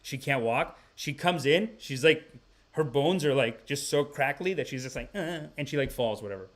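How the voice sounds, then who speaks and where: Animated rambling male podcast host. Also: medium pitch, moderate pace. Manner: rambling, animated, laughs often. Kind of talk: casual comic storytelling.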